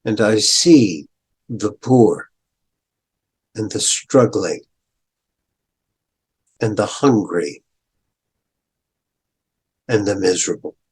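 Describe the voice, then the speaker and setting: An older man voicing a sorrowful young prince statue who pleads gently, retold as a story in a lecture. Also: lowish voice, slightly rough, exaggerated voice. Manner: pleading, repeats his refrain slowly.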